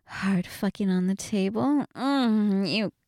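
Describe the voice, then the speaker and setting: A woman voicing a defiant young waitress in a scripted audio role-play, teasing and sarcastic, then pleading, with a breathy voice. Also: slow pace, darkish tone, dry recording, studio quality. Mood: bratty. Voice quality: breathy, swings between low murmurs and high cries.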